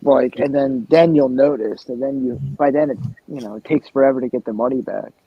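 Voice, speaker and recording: A man hosting a casual group chat who gets excitable, swears and laughs often. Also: medium pitch, brisk, creaky, husky, no room sound. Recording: dull lo-fi dry sound.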